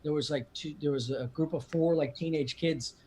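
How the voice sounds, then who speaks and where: A man's voice: fairly high pitch, fairly even intonation, normal speed, darkish tone, slight background noise. A man with a Philadelphia accent, a comedian guest telling rambling, profane stories in casual podcast chat. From Philadelphia area. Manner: profane, rambling storyteller with laughs.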